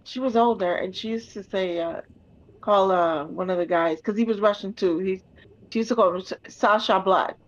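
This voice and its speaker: A woman's voice: mid-range voice, moderate pace, highs cut off. Playful woman co-hosting a stream. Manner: playful, laughing, teasing. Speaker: co-host of a livestream. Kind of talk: casual chat on a stream.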